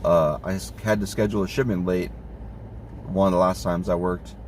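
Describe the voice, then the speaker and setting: A man's voice: low voice, fairly even intonation, moderate pace, a little mellow, distant mic, a little hiss or hum. A man venting in a casual monologue, swearing often and getting exasperated. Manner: profane, exasperated ranting.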